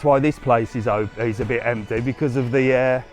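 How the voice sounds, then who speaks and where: A man's voice: medium pitch, steady tone, normal speed, hardly any pauses, a little mellow, soft background music. A man walking a resort strip, chatting to viewers in a live vlog and answering their questions. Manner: chatty, cheeky, answers comments on the go. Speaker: travel vlogger. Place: outdoor tourist strip by the sea. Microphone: handheld camera while walking. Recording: light street noise outdoors.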